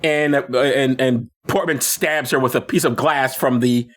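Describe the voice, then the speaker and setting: A man co-hosting a podcast, retelling a film in casual chat with lots of restarts and laughs. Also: mid-range voice. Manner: animated, halting retelling with many restarts and laughs. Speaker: podcast co-host.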